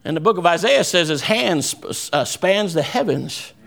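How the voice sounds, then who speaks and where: A man preaching a fervent sermon and quoting scripture, swinging from low, quiet asides to raised, shouted lines. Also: animated, moderate pace, vocal fry. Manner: quotes scripture.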